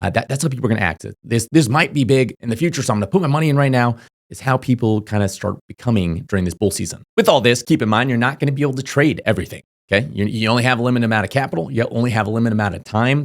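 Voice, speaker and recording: In a mid-range voice, a young man who runs a crypto YouTube channel rattles off advice to camera in a casual, emphatic rush, with plenty of fillers and repeated "okay?" check-ins.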